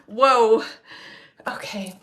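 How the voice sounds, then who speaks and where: A middle-aged woman medium speaking to a live audience in a slightly higher voice. She talks with feeling, sometimes close to tears, and leans hard on the phrases she passes along. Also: drawn-out words, a bit bright. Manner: emotional, tearful at times, relaying quotes with emphasis. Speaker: psychic medium.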